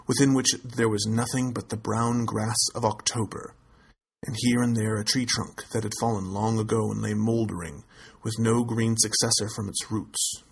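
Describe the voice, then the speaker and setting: A man narrating a classic tale aloud in a measured, steady storytelling manner. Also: on the low side, gravelly, breathy edge, low-quality recording. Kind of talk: audiobook reading of a classic tale.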